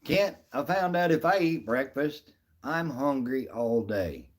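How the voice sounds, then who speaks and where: A man's voice: mid-range voice, expressive, takes it slowly. A middle-aged man casually chatting on a live stream, answering viewers by name in a folksy, easygoing way. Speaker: livestream host reading chat.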